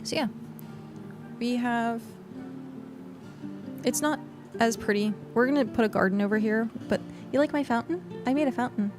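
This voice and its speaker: A woman's voice: fairly high pitch, moderate pace, pauses often, music in the background. A woman game streamer in casual, rambling livestream chat, thanking viewers and talking while she plays. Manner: chatty and rambling, with frequent fillers.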